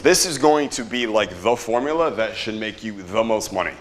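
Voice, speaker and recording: A man's voice: on the low side, expressive, normal speed, a little hiss or hum. A man teaching a live seminar audience, casual and profane, quizzing the crowd and having them repeat after him. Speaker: marketing seminar presenter.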